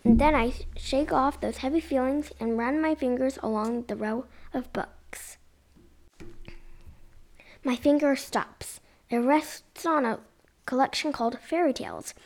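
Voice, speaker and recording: High-voiced woman reading a kids' book. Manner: expressive, with occasional whispered asides. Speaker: reader. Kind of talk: reading a children's book aloud.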